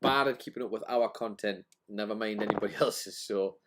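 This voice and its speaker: Low-voiced man, dry banter. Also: fairly quick, background noise. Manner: dry, self-deprecating banter. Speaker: live stream co-host. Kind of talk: casual live stream chat.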